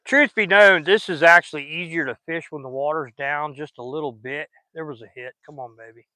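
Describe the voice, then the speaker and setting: A fishing vlogger with a Southern US accent chats in a folksy, rambling way while fishing outdoors on a river. His voice is a little high, brisk, bright, and forceful. The recording is dry and the audio is poor.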